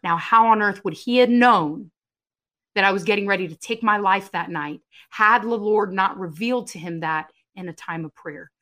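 A middle-aged woman, a guest on a faith interview show, telling her story in an emphatic, animated way with sudden loud bursts. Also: medium pitch, normal speed. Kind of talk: conversational testimony.

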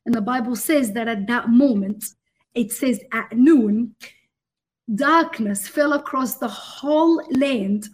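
A woman's voice: a little high, slow pace, a little mellow. A woman guest minister answering in an interview with a fervent, emphatic preaching manner, speaking straight to the host.

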